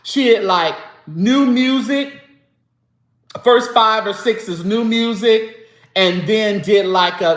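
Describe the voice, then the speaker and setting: High-voiced man chatting and singing. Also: fairly bright tone, reverberant. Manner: chatty, breaks into snatches of singing. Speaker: show host. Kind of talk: casual live-stream chat about gospel music.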